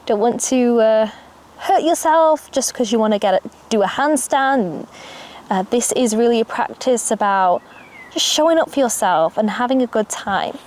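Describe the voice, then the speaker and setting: A young adult woman teaching a yoga class outdoors, giving calm step-by-step cues. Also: a little high, moderate pace. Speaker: yoga instructor. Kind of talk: guided yoga class instruction. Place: outdoors, birds audible. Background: faint outdoor ambience with birdsong.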